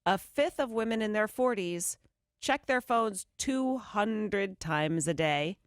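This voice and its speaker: A woman co-hosting a morning radio show, reading news items in a brisk, chatty way from a studio microphone. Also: mid-range voice, expressive, dry recording. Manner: brisk newsy delivery, quick laughs. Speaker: radio co-host.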